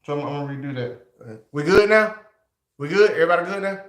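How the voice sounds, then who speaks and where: A male livestream host who talks straight to his chat in an excitable, casual way. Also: on the high side, fast talker, roomy sound.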